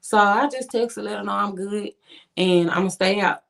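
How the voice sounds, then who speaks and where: A woman guest on a podcast telling a story casually, animated and acting out what her friends said. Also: normal speed, gravelly. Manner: animated, swings pitch to act out friends' lines.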